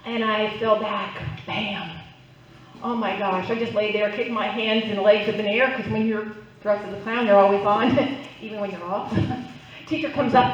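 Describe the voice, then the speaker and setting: A woman's voice: medium pitch, steady tone, normal speed, a little hiss or hum. Woman doing stand-up in an echoey club. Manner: playful, chatty, works the crowd. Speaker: stand-up comedian. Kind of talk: stand-up comedy set. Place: club stage, live audience. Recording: roomy, distant, dull live recording.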